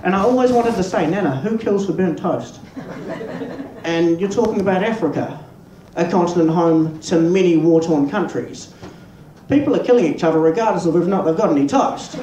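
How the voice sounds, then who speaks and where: A young New Zealand man delivers a stand-up set in a dry, deadpan, foul-mouthed way, his voice sitting a little high. He is picked up from a distance in a boomy, echoing pub room. A steady murmur of bar noise runs underneath. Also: a little fast. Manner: deadpan, profane, self-mocking. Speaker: stand-up comedian. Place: small pub stage. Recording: echoey pub room, mic far off, noisy.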